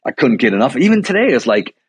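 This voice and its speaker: This Milwaukee guest, who coaches boxing and Muay Thai, talks in a sing-song, quick, slightly rough voice of medium pitch. He's a rambling storyteller in a casual conversation, constantly dropping "like" and "you know."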